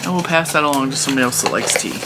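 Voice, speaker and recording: A woman with a rumbling, low voice talks rapid-fire over heavy background noise. She hosts a crochet channel and rambles casually to the camera from a room at home, laughing often.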